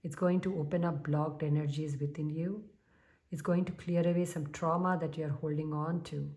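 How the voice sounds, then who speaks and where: A woman speaks in a low, mellow voice as she gives a spiritual tarot reading to her viewers. She talks calmly and unhurriedly, often pausing with a soft hum. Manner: calm, unhurried, with soft humming pauses. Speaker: tarot reader.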